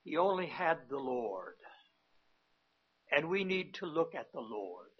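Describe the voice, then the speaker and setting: A man who is a missionary, preaching a sermon slowly and emphatically, rising in pitch and volume when he repeats words. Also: sing-song, breathy edge. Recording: dull, lo-fi sound.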